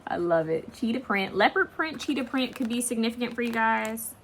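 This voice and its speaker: A woman's voice: fairly high pitch, animated, unhurried, a bit bright, slight background noise. A woman giving a casual pick-a-card tarot reading, chatty and rambling with slangy asides.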